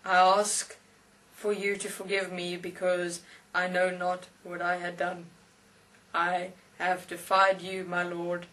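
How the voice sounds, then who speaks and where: A woman's voice: lowish voice, monotone, slow, fairly bright tone. A woman voicing a frightened atheist man who pleads and begs for forgiveness. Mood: pleading. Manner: begging, submissive pleading. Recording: voice distant from the mic.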